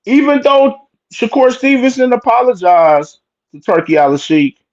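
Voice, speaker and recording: Emphatic man with a high voice. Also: a little mellow, highs cut off. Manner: emphatic, repetitive, swears freely, slangy. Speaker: boxing commentary host. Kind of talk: casual opinionated commentary.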